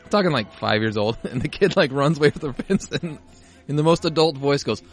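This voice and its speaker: Male co-host, crude joker and storyteller, animated delivery. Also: a little high, brisk. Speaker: podcast co-host. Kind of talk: casual chat over a film.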